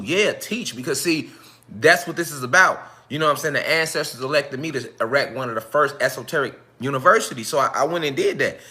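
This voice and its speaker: A man hosting a casual livestream as a spiritual teacher, talking in a loose, slangy, profane and repetitive way. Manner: animated, jumps into high-pitched voices when quoting fans.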